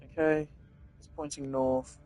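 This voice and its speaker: A man's voice: on the high side, flat delivery, measured pace, warm tone. Male gameplay commentator, foul-mouthed and exasperated, with faint game music underneath. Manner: profane, exasperated ranting. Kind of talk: let's play commentary.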